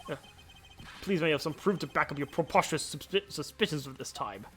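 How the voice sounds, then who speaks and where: A man performs an arrogant, condescending rival from a video game. His voice sits a little on the high side and he scoffs often. Faint game music plays behind him. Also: fast talker, fairly bright tone, lightly acted. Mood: scornful. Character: haughty arrogant male researcher rival. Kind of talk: reading game dialogue aloud.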